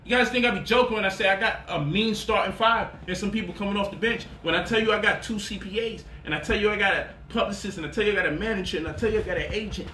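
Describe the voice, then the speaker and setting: Man, swaggering, profane, bright tone, slight background hum. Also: high voice, racing, few pauses. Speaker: motivational money vlogger. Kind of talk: casual boastful monologue. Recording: roomy echo, voice off-mic.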